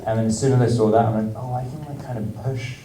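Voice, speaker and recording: An English actor in casual stage talk at a film Q&A, hesitant, with many ums and frequent laughs. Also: male voice, medium pitch, fairly even intonation, quick pace, warm tone, distant mic. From England. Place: large screening hall with audience. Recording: echoey hall, mic from afar, noise.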